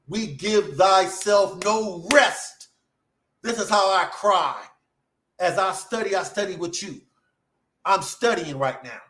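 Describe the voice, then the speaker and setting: Brief: passionate male scripture teacher, higher pitch, emphatic repetitions, list-driven delivery. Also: pushed and bright. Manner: impassioned, repeats and slows words for emphasis, lists. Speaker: preacher.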